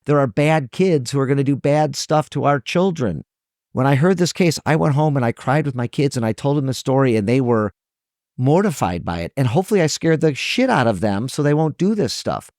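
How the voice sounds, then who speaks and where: Earnest trial lawyer, dry close sound. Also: male voice, mid-range voice, expressive, brisk, a little mellow, dry recording. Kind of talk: podcast interview.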